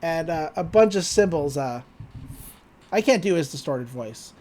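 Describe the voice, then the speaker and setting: Lively, animated podcast co-host. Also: male voice, fairly high pitch, a little slow. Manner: animated retelling, quotes characters in put-on voices, laughs often. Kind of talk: casual recap chat.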